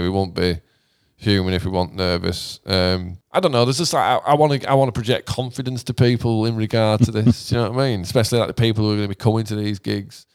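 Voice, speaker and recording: In a casual podcast chat, a British musician and co-host talks in a low, smooth, resonant voice. He swears freely, often letting sentences trail off before starting over. The sound is dry and close, with no echo or room around it.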